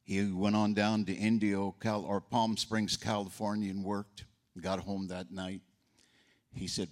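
Older man, eulogy for his sister, folksy storyteller, slow, deep. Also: little pitch movement, a little mellow. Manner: folksy storyteller, acts out voices. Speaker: eulogist, brother of the deceased.

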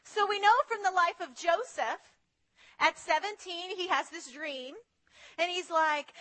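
A woman delivers a sermon with a very high, bright voice. She is animated and slips into little voices for the people she quotes. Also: measured pace. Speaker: preacher.

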